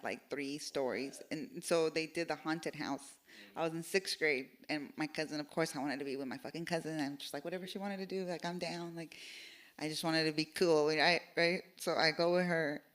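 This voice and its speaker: A woman's voice: deep voice, steady tone, brisk. A young woman co-hosting a podcast in casual chat, blunt and slangy with frequent swearing. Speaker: podcast co-host.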